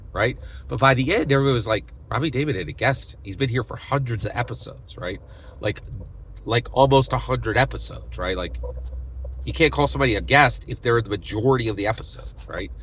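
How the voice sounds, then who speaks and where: Rambling man with a lively, swinging pitch. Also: slight background noise, low-quality recording. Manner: rambling, keeps tagging statements with "right?"; emphatic, swings between loud and soft. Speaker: channel host. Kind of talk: opinionated commentary monologue.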